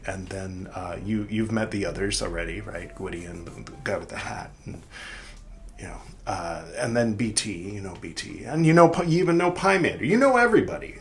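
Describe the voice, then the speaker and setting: A man's voice: lowish voice, a bit bright, slight background noise. Rambling, self-mocking man hosting a podcast. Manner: rambling, self-mocking, with many fillers and restarts. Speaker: podcast host. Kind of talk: casual chat to camera.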